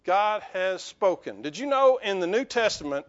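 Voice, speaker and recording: A male pastor delivering a lively sermon in church, joking with the congregation and calling for amens. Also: high-pitched, normal speed, highs cut off.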